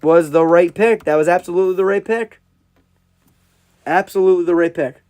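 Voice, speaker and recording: Excitable high-voiced man reacting live. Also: fairly quick. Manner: excitable, emotional, repeats himself. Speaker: live draft commentator.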